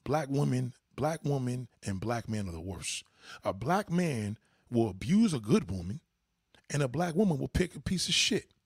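A man hosting a livestream, delivering a profane, heated rant at his chat and swinging from low mutters to high outbursts. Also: very animated, moderate pace, breathy edge, no room sound, clean studio sound. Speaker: livestream host. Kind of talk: ranting monologue to a live chat.

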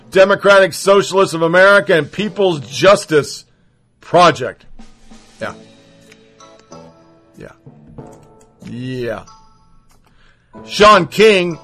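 A man's voice: on the high side, fairly bright tone, rough recording. A man giving profane political commentary, sarcastic and swearing a lot.

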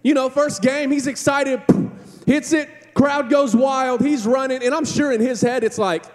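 A man's voice: extremely high pitch, steady tone, normal speed. A man in his thirties preaching a sermon as campus pastor, telling stories in a chatty, joking way with acted-out quotes. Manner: conversational, jokey storytelling with acted-out quotes. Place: church sanctuary. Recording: long hall reverb in a church.

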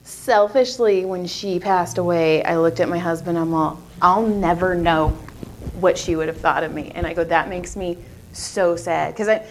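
A woman's voice: lowish voice, fairly even intonation, moderate pace, a little hiss or hum, rough recording. Enthusiastic woman host chatting. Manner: enthusiastic, fannish. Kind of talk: casual chat.

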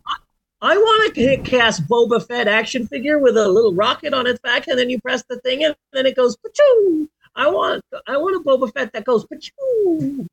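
A man in his forties hosts a casual podcast chat. His pitch rises and falls widely as he tells his stories. He throws in sound effects along the way. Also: fairly quick, vocal fry, breathy edge. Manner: animated storyteller, does sound effects. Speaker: podcast host.

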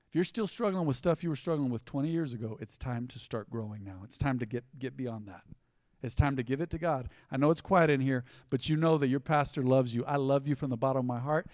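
A man in his forties preaching a sermon as pastor, swinging from emphatic loud passages to hushed, tender ones. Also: on the high side, no echo, studio quality, long reverb tail. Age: 40s. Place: church sanctuary.

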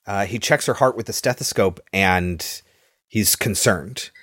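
Man, low voice, casual film recap host, dry close sound. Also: a little slow, a bit bright, no echo. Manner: loose storytelling with fillers.

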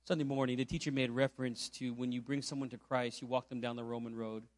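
A pastor from Puerto Rico preaches a sermon, telling a story and putting rhetorical questions to the congregation. His medium-pitched voice is fast with a flat delivery, and the recording is dry.

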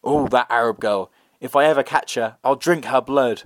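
A man voicing a hot-tempered young male restaurant owner who makes slow, drawn-out threats. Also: medium pitch, dry recording, studio quality, lightly acted. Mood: vengeful.

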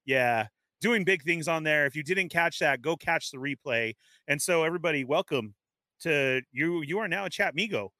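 An energetic male host greets his live chat with rambling, upbeat shout-outs. His voice is bright and forceful, a touch high, recorded dry and close at a home webcam setup. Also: normal speed, no echo. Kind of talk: live-stream casual chat.

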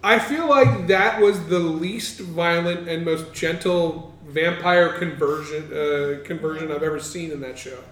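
A man with a high voice, chatting casually with a wry edge. He sits a little away from the mic in a room with a lot of echo. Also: steady tone, measured pace, few pauses, fairly bright tone, far from the mic, a little hiss or hum. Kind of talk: casual chat. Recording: roomy echo, a bit off mic.

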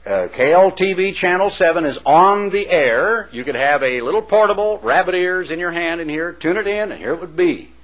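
Dramatic preacher man, animated. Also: high-pitched, moderate pace, few pauses, rough recording. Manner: dramatic, swooping emphasis with acted-out voices. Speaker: evangelist broadcaster. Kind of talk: radio sermon.

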